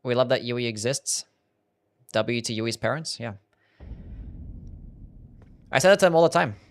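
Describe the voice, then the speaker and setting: A man with a mild Australian accent streaming a game and chatting casually with viewers in a relaxed, jokey way. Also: mid-range voice, a little slow. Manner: relaxed, jokey, reads and answers chat. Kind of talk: casual live-stream chat while gaming.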